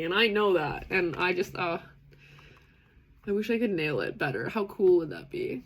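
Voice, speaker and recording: Gravelly-voiced young woman chatting on a live stream. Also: medium pitch, animated, fairly quick, slight background noise. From Canada. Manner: earnest, rambling, emotional, many fillers. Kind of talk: casual live chat with viewers.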